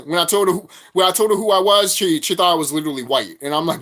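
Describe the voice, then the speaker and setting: A man's voice: high-pitched, fairly quick, fairly bright tone. A man vlogging a profane, repetitive spiritual rant, preaching straight at his viewers.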